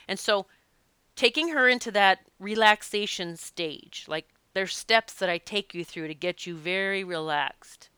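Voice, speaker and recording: A woman who works as a past life regression practitioner, talking casually to her audience and telling stories in an animated, emphatic way. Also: mid-range voice, moderate pace, clear, resonant tone, no echo. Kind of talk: casual spoken talk to an audience.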